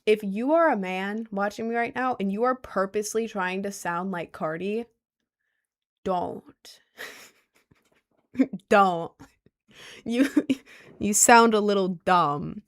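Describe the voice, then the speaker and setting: A young woman in her late teens, wearing a headset mic, chats casually to viewers, rambling with plenty of "like" fillers and laughing at herself. Her voice is medium in pitch, slow, with frequent pauses.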